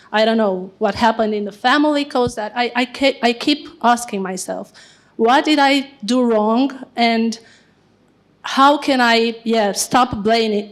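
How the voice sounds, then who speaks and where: A woman in the audience asks a question, emotional and halting, searching for her words. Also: fairly high pitch. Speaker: audience member asking a question.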